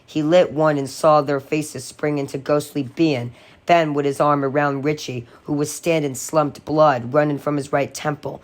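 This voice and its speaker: A man narrating a horror novel aloud in a steady, dramatic reading. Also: a little high, moderate pace. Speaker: audiobook reader.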